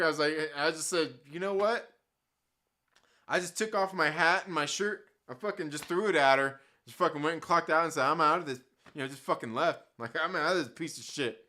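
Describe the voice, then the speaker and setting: A young man hosting a live stream, with a rather high, bright and forceful voice. He rambles loosely through chat comments and his own stories, swearing freely and laughing often. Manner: profane, laughing, rambling storyteller.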